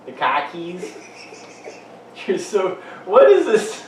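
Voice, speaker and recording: A man's voice: sits high, wildly swooping pitch, very slow, slight background noise. Man in a roomy, distant podcast mix. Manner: loose, swearing banter with a friend. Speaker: podcast co-host. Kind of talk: casual chat.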